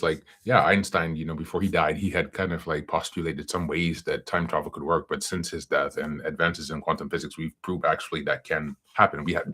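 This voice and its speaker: A man's voice: deep voice, fairly bright tone. A man hosting a self-help podcast, talking casually with many fillers and asides, then reading from a book. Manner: rambling, frequent fillers and "you know". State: hiccuping. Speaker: podcast host.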